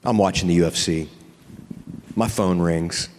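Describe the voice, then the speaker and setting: A man's voice: deep voice, unhurried, darkish tone, long reverb tail, slight background noise. A man on a convention panel stage, telling a comic story full of swearing and stammered restarts. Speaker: actor on a fan convention panel.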